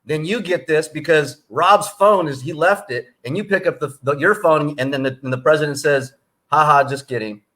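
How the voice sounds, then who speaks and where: A man hosting a casual talk show, speaking in an excited, teasing way. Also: fairly high pitch, normal speed, few pauses. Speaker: host. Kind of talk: casual chat.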